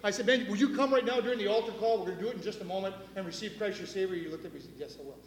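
High-voiced preaching man in an echoey church. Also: racing, a little hiss or hum. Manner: impassioned preaching with repetitions and restarts. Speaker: pastor. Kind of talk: sermon. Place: church sanctuary.

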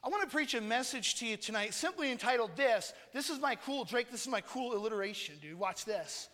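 A man's voice: very high-pitched, animated, fairly quick, few pauses, sharp tone. A man preaching a conversational sermon with casual joking asides and emphatic points, in a church. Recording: long reverb in a large hall.

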